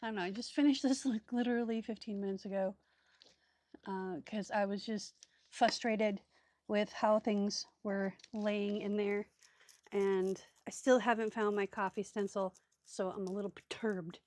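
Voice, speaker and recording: A woman's voice: mid-range voice, fairly even intonation, unhurried, a little mellow. A woman hosting a crafting video, chatting casually and thinking aloud with many ums and asides as she sorts supplies. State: hiccups. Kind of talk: casual crafting tutorial chat.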